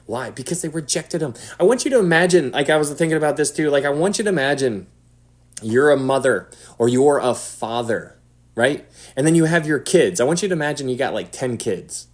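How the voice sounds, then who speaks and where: A man giving casual Bible teaching to an online audience. He talks in an animated way and drops to a hushed voice for emphasis. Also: a little high, a little fast. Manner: animated, acts out quotes, drops to a hush for emphasis.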